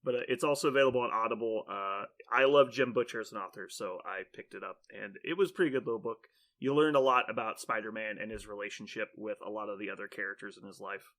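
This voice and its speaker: A podcast host chats casually as an animated storyteller, rambling with lots of "like" and laughing often. His voice is on the low side and he speaks quickly.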